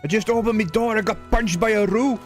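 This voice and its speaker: A man hamming up an excitable Australian bloke. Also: high-pitched, fast, faint music behind, voice pushed up, natural voice. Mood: excited. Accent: put-on Australian. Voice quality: exaggerated, exclamatory caricature.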